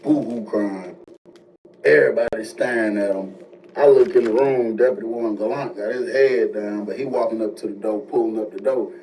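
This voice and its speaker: A man telling a jailhouse-style story in casual, animated slang. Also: lowish voice. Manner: animated, slangy, fast asides. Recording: distant mic with faint noise.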